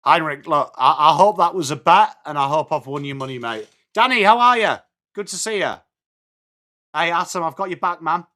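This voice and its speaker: A man's voice: a little high, animated, moderate pace, bright, forceful tone. An English man hosting a live football watch-along, calling the play and chatting to viewers. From England. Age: adult with children. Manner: chatty, switches between calling play and answering viewer comments. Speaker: live stream host.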